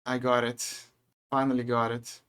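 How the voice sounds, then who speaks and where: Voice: medium pitch, little pitch movement, measured pace, fairly bright tone, clean tone. A streamer chatting casually to viewers while gaming, often stammering and repeating words as they vent.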